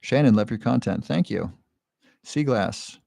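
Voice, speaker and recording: Earnest man with a gravelly low voice. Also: animated, warm tone, dry recording, clean studio sound. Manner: encouraging, coaching with rapid questions; earnest, emotional at times. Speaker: livestream host. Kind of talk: live-stream chat, reading viewer comments.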